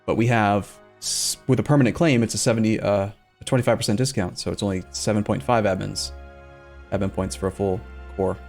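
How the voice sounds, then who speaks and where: A man's voice: on the low side, fairly even intonation, brisk, creaky, a little mellow, soft background music. A man streaming a strategy game, chatting casually as he plays, thinking aloud and answering his chat. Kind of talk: casual let's-play commentary.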